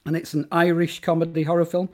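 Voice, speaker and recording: A man's voice: fairly high pitch, flat delivery, fast talker, a little mellow. A man talking as a guest in a casual interview about horror films, enthusiastic and rambling, with plenty of fillers and restarts.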